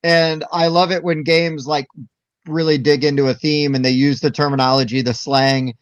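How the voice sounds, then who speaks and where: A man's voice: on the high side, flat delivery, moderate pace, no echo. A man co-hosting a casual board game chat over a video call, talking in a rambling, enthusiastic way with lots of fillers. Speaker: co-host. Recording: dull lo-fi video call audio.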